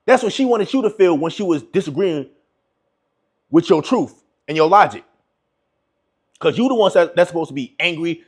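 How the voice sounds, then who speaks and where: Husky high-voiced man giving blunt advice. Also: lively intonation, normal speed, pauses often. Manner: emphatic, repetitive, addresses viewers as bro. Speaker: relationship advice vlogger. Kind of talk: casual advice monologue.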